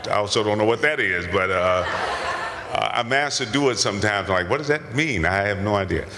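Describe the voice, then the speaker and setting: An older actor telling stories at a convention Q&A, rambling and self-deprecating with many restarts. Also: male voice, on the low side, brisk, pushed and bright, slight background noise. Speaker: guest actor. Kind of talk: convention Q&A storytelling. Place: large convention hall. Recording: convention hall with long reverb.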